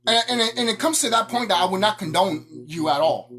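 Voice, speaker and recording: Animated, angry ranting woman. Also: medium pitch, fairly quick, soft background music. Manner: angry, profane, confrontational. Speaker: vlogger. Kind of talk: ranting monologue to camera.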